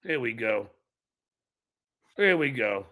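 A middle-aged man hosting a podcast, loud, excitable and profane. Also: mid-range voice, slow pace. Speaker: podcast host.

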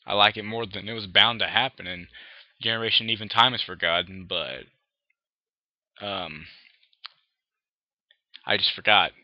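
A man's voice: fairly low pitch, measured pace, pauses often, no echo, muffled recording. A man with a sore throat talking casually and reading fan fiction aloud, a bit hesitant. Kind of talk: casual vlog intro and story reading.

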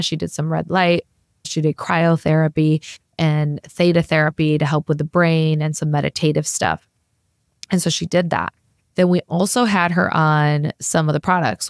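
Low-voiced chatty woman, dry sound. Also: no echo. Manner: chatty storyteller, many "like" fillers. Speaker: naturopathic practitioner guest. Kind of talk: casual interview chat.

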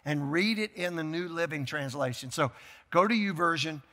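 An older man preaching a sermon as pastor, emphatic, repeating key phrases and breaking into shouts. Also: a little high, normal speed, long reverb tail. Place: church sanctuary.

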